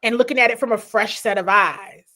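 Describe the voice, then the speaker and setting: A woman sports reporter sits in as a guest, her voice a touch high and full of animation. She slips into quoted voices as she tells her stories, loose and conversational. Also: a little fast, sharp tone. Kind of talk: casual podcast chat.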